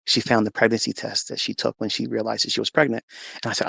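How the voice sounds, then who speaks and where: A man's voice: fairly low pitch, level tone, quick pace, gravelly, sharp tone, husky, dry recording. A man telling an emotional personal testimony in an earnest storytelling way, acting out the dialogue. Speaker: speaker sharing a testimony.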